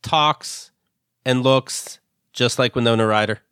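A man's voice: medium pitch, slow pace, fairly bright tone, clean tone, no room sound, clean studio sound. A man co-hosting a podcast in casual chat, blunt, sarcastic and swearing freely. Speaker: podcast co-host.

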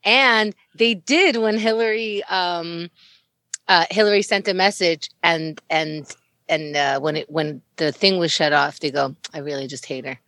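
A woman with a fairly low voice who chats casually and hesitantly, often stopping to restart. The recording is close and dry. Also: measured pace, fairly bright tone, dry recording. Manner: hesitant, lots of fillers and restarts. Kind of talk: casual chat.

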